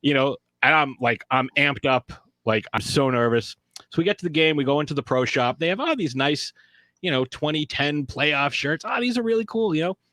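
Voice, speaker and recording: A man appearing as a podcast guest spins a lengthy personal tale, animatedly performing quoted lines in high-pitched voices. His pace is normal and the recording has no room sound.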